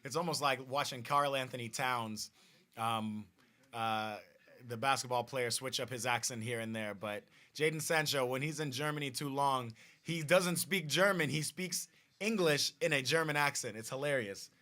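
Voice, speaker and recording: Man, bright and forceful voice, casual live-stream football chat, reads viewer comments, restarts a lot. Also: medium pitch, moderate pace. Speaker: watch party host.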